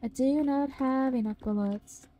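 A woman's voice: high-pitched, a little slow, warm tone, a little hiss or hum, low-quality recording. A woman live-streaming a horror game, chatting with viewers, swearing freely and shrieking at scares.

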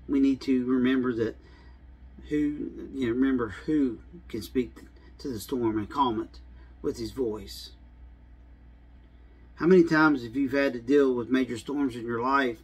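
A man's voice: medium pitch, unhurried, long pauses, a little mellow, breathy edge. A male pastor preaching a casual, conversational sermon, full of "I mean" and "you know.".

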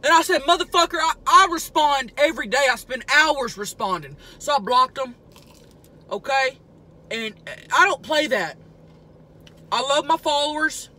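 A woman's voice: high-pitched, unhurried, long pauses, sharp tone. A woman playing a brash, crude trailer-park woman who talks while eating noisily in a car. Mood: ranting. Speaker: mukbang vlogger character. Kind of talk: improvised character comedy. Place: inside a car.

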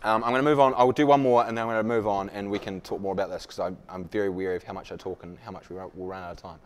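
Lower-pitched male workshop leader; conversational, self-deprecating, plays out examples. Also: fairly even intonation, very fast. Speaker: leadership speaker. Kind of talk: live workshop talk.

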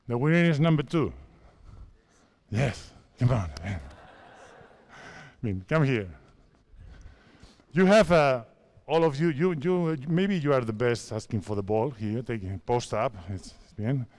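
Spanish-accented coach giving court drills. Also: male voice, mid-range voice, darkish tone. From Spain. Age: 50s. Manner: halting non-native English, repeats phrases, directs players. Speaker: basketball coach.

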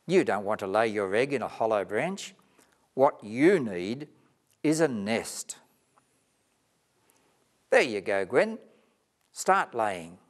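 An eager, ever-helpful tree lady from a storybook, as a man puts her on bursts out in high, excited cries. Her voice leaps up far above a normal man's and swings widely. She talks in slow, delighted stretches. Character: eager cheerful female tree, always helping.

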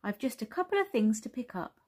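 A woman voicing a small, kindly carer in a storybook reading, soft and reassuring. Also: on the high side, big pitch swings, brisk, husky. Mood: gentle.

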